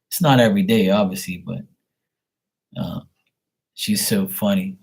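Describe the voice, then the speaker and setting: A man's voice: low voice, fairly even intonation, normal speed, gravelly, slightly rough. A man chatting casually to his viewers by name on a late-night livestream, rambling and teasing. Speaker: livestream host reading paid questions.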